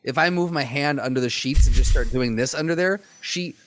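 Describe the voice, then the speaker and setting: A man co-hosting a podcast in a relaxed casual chat, laughing easily and chiming in often. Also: medium pitch, brisk. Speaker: podcast co-host.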